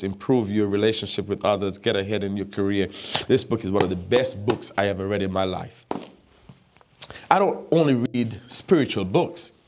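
A man, a pastor who is not a native English speaker, preaching a sermon with emphatic repeated phrases, often asking his listeners whether they are listening. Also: lowish voice.

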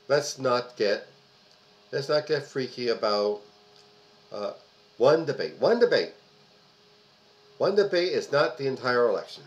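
A man speaking straight to his audience in an emphatic opinion monologue. He leans hard on key words and repeats phrases for stress. His talk is loose and unscripted, dotted with fillers. His pitch sits in a middle range for a man. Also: poor audio. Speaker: host of a political commentary video.

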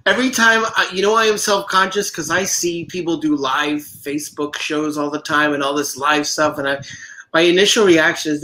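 A man's voice: on the high side, moderate pace, sharp tone, low-quality recording. A man hosting a casual comedy podcast, bantering with self-deprecating jokes.

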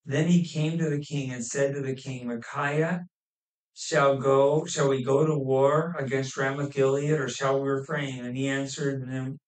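A man preaching a sermon on a scripture passage, pausing often with fillers and restarts. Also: mid-range voice, fairly even intonation. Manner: halting, with many fillers and restarts. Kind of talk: expository sermon. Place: church hall. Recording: echoey room, mic at a distance.

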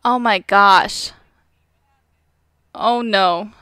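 A young woman with a mid-range, bright, forceful voice draws out her words in a clean studio recording with no room sound. Streaming a retro game live, she teases her chat playfully with mock outrage, giggling and laughing often.

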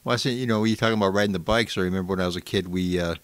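A man's voice: deep voice, fairly even intonation, very fast, dry recording. A man in his fifties from Michigan, a host who rambles through stories and laughs easily in casual chat.

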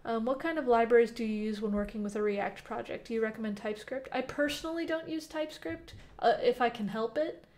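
Chatty woman streamer, slightly high voice. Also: fast, hardly any pauses, darkish tone. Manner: chatty, reads chat aloud, many fillers. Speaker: livestream host answering chat questions. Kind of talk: casual live-stream chat. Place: temporary home. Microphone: headphones with mic.

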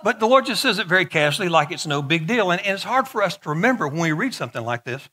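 Husky-voiced bright-toned male pastor. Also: sits high, very animated, fast. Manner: conversational, joking asides, repeats words. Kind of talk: sermon.

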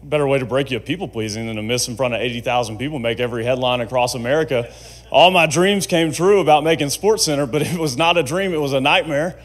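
A man's voice: mid-range voice, quick pace. A man speaking at a faith conference, telling his testimony in a conversational storytelling way and acting out the quoted dialogue.

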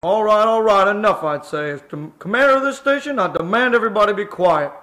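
A man's voice: high-pitched, expressive, brisk, fairly bright tone. A man's synthesized voice playing a pompous one-eyed fire station commander who demands respect.

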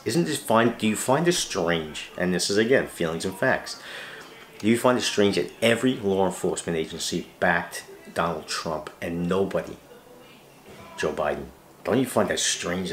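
A man's voice: deep voice, a bit bright, echoey room. A middle-aged man, a retired police officer hosting his fishing channel, ranting emphatically with rhetorical questions and repeated words. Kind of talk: ranting monologue to camera.

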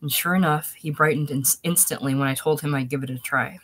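A man's voice: on the high side, steady tone, brisk, a bit bright, husky, rough recording. Wry man reading literary fiction aloud. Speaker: audiobook reader. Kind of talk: first-person literary narration.

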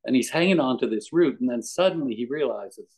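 A man's voice: mid-range voice, lively intonation, brisk, a little mellow, rough recording. A man giving a conversational devotional talk as a guest speaker, mixing anecdotes and readings and chuckling often.

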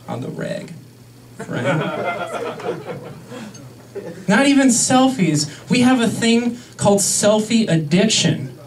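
A man's voice: high voice, recorded from a distance, noisy background. A young man in his twenties doing a stand-up set in a comedy club, sarcastic and crude with mock-outraged asides.

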